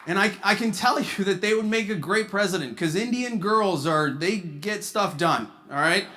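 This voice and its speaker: Man doing stand-up at a charity gala, high-pitched and punchy, animated storytelling. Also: moderate pace. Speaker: stand-up comedian. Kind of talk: stand-up comedy.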